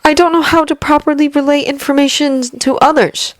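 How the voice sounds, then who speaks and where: A woman voicing a gentle, earnest blind teenage hero boy in a fanfiction reading, speaking softly and thoughtfully. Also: high-pitched, fairly even intonation, a little fast, dry recording, voice pushed up, lightly acted.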